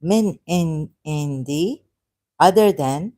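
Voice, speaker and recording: A woman on a live stream, thinking aloud in a halting, hesitant way and correcting herself as she goes. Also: sits low, expressive, mellow, no echo.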